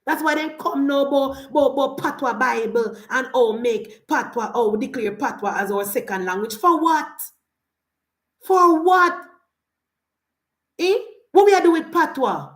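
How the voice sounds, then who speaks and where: A Jamaican woman in her forties delivers a heated political rant in a high, insistent voice. She hammers her points home with repetition and pointed rhetorical questions. The sound is roomy and echoey. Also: expressive, normal speed, hardly any pauses. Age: 40s. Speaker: political commentator. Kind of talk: opinionated political monologue.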